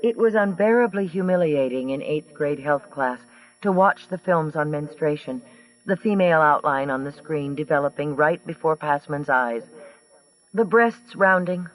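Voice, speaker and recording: Brief: male audiobook narrator, dry delivery, a bit high, recorded off-mic. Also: a bit bright, distant mic, poor audio. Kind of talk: scripted narration.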